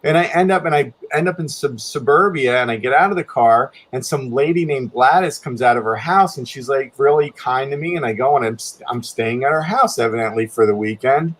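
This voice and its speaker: Speaking a little fast with few pauses, a man rambles through a lengthy anecdote, starting over many times. He's a guest artist, and his voice rises sharply when he repeats his own words.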